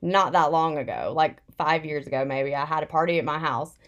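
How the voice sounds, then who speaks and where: A woman's voice: low-pitched, a little fast, lo-fi sound. A young woman in casual chat, telling a personal story candidly with plenty of "like" fillers.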